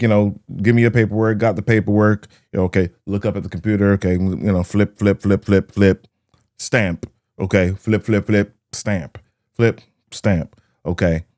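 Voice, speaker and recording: A man with a low, darkish voice hosts a motivational leadership talk show. He tells stories and acts out the scenes using sound words.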